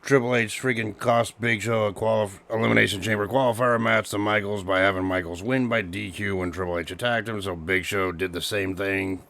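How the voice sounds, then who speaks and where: A man co-hosting a casual review chat, animated and quick to laugh as he steers the talk. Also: fairly low pitch, creaky. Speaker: co-host reviewing wrestling.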